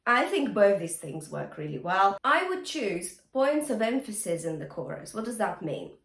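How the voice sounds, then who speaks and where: A woman's voice: mid-range voice, big pitch swings, normal speed, fairly bright tone, roomy sound. A woman teaching a singing lesson, explaining technique and singing short demonstration lines, often checking in with the listener. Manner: encouraging, checks in with okay and all right. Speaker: vocal coach.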